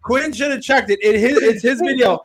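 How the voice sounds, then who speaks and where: A man's voice: extremely high pitch, brisk, a bit bright. A man in casual podcast chat, arguing his side defensively. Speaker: podcast co-host.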